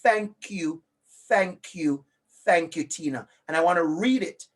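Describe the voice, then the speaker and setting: Jamaican guy lecturing over a video call, high voice, lively and emphatic. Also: unhurried, husky. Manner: animated and emphatic, talks straight to a colleague by name. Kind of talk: live online lecture.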